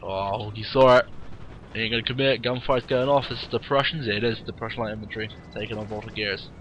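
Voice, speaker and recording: A man with a cold, casually commentating a game replay in a warm room at home with wry, rambling asides. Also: lowish voice, fairly even intonation, fairly quick, highs cut off, slight background noise. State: has a cold, sniffly.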